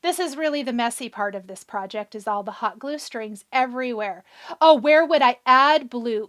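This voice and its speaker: A woman with a high, bright voice hosts a live craft tutorial, talking through each step as she works and answering viewers as their comments come in. She sounds chatty and encouraging, and her voice is a little hoarse. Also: normal speed. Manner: chatty, encouraging, thinks aloud while working. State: a bit hoarse. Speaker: craft show host.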